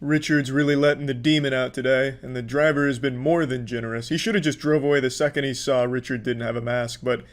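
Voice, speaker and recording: A man's voice: mid-range voice, steady tone, fast talker, few pauses, a little hiss or hum. A man giving sarcastic, profane reaction commentary on video clips, mocking the people in them.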